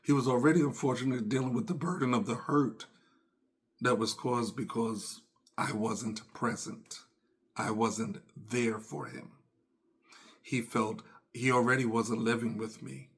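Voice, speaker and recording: Man, middle-aged, podcast host, earnest, reflective, repeats himself, mid-pitched voice. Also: fairly even intonation, measured pace. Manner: earnest, repeats phrases, acts out quoted dialogue. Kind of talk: reflective personal talk.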